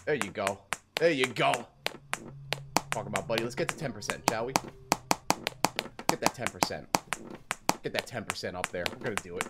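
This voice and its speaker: A young man doing playful let's play commentary, joking loudly, dropping to whispers and jumping to yelps. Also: lowish voice, normal speed, pauses often. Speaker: gaming YouTuber. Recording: noisy background, mouse clicks.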